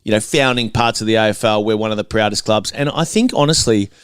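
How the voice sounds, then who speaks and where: A man's voice: fairly low pitch, fast talker, clean tone, no room sound. A man in his twenties with an Australian accent, co-hosting a casual football podcast with dry, teasing banter. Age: 20s. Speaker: podcast co-host. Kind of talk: casual footy chat.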